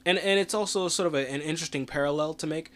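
A man's voice: fairly high pitch, fast, a bit bright. Blunt, profane man talking politics. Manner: blunt, profane, laughs often, restarts a lot. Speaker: podcast host. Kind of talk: casual political commentary.

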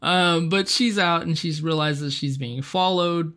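A podcast co-host with a gravelly, fry-tinged voice at an ordinary mid pitch. They talk through a TV episode in a loose, chatty way, laughing often and swearing casually. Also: measured pace, fairly bright tone. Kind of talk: casual chat recapping a TV episode.

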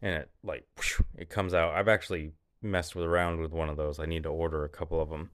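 Man, low voice, rambling, casual vlog, dry room. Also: level tone, fast talker, no room sound. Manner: rambling, laughs often. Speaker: filmmaker describing his short films.

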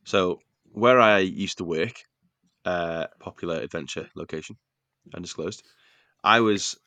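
A man's voice: deep voice, unhurried, sharp tone, no echo, lo-fi sound. A young man from North Wales, a podcast co-host, telling football anecdotes in casual chat and acting out the quotes. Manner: storytelling, acts out quotes.

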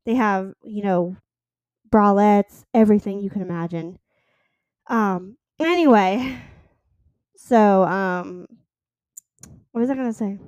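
A woman's voice: mid-range voice, a little slow, pauses often, a little mellow, dry recording, muffled recording. A woman in her twenties hosting her own podcast, chatting casually and rambling with lots of fillers. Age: 20s. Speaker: podcast host. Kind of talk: casual solo podcast chat.

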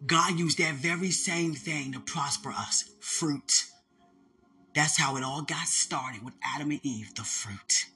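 Preacher for a fervent call-and-response sermon, with a bright, forceful tone that swings from high and loud to low and hushed. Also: slow pace, soft background music.

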